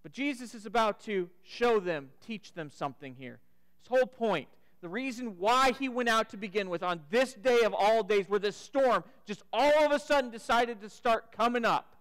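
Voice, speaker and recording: High-voiced man preaching in a reverberant church. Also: lively intonation, normal speed, smooth. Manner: dramatic retelling, dropping to a hush for the climax. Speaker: pastor. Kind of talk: sermon storytelling. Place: church sanctuary. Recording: church sanctuary with long reverb.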